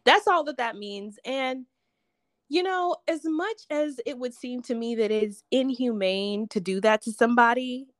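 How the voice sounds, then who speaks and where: A woman's voice: fairly high pitch, measured pace, no room sound. Brief: woman co-host, decisive and frank, close dry recording. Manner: blunt, decisive advice. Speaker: podcast co-host. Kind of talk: casual chat.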